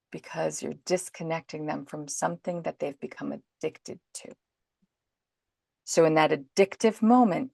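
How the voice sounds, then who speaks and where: A woman guest on a podcast, calmly and patiently explaining parenting advice in an instructive way. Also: on the low side, creaky, no room sound, studio quality.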